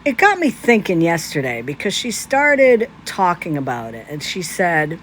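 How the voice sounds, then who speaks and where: A woman's voice: fairly low pitch, sing-song, a little slow, a little hiss or hum. A woman ranting in casual commentary on a phone livestream, indignant and piling up rhetorical questions.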